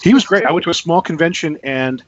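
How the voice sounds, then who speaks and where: A man with a slightly high voice tells a lively story as a podcast guest, acting out the people in it. The sound is muffled and lo-fi. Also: fast talker, no room sound. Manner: animated storyteller, acts out quotes. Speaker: guest author. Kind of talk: casual anecdote on a podcast.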